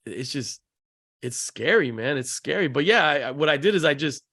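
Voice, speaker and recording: Animated, high-pitched man telling stories. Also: moderate pace, dry recording, clean studio sound. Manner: animated storyteller, acts out his kids' voices. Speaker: podcast co-host. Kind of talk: casual chat.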